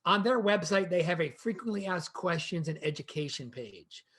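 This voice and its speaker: A man presenting a real estate training session in an energetic, conversational way, speaking to a co-host and the viewers. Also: a little high, normal speed.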